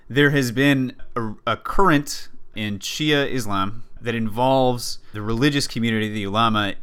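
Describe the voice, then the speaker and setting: Bright-voiced man explaining politics. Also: lowish voice, clear, resonant tone. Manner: explanatory, many restarts and fillers. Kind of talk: casual political discussion.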